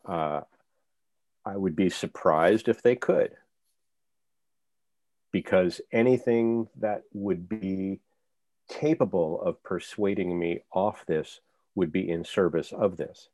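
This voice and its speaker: A man's voice: sits low, slow, pauses often, darkish tone, no room sound. A male author talking as a guest, reflective and explaining his thinking with examples. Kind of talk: conversational interview.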